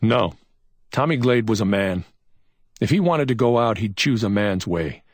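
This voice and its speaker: A man's voice: fairly low pitch, expressive, normal speed, dry recording, clean studio sound, pitched above the performer's own voice. A man doing a probing, insistent investigator. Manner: probing, gently insistent questions. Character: male investigator, patient then stern. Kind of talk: audiobook character voice.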